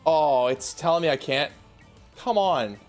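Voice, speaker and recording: A young Canadian livestreamer talks to his audience from a basement room at home, faint music behind him. His voice is on the high side, expressive and a little mellow, and he goes a little slowly, yet he's hyped and chatty, speaking directly to chat and calling viewers "baby" and "y'all."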